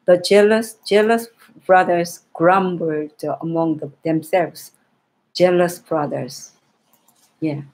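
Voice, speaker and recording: Slow, breathy woman reading to children. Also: fairly low pitch, fairly even intonation, low-quality recording. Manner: gentle reading with frequent restarts and repeated phrases. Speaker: children's Bible storyteller. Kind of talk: reading a children's Bible story aloud.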